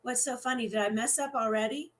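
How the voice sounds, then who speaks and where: A woman's voice: on the high side, steady tone, a little fast, natural voice. A woman voicing an earnest young male cop who is learning to dance, in an easygoing storybook reading. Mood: friendly.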